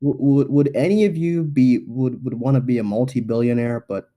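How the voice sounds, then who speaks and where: A man's voice: mid-range voice, normal speed, muffled recording. A teenage boy hosting a racing league podcast in casual, joking, rambling chat. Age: teens. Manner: laid-back, joking, rambling.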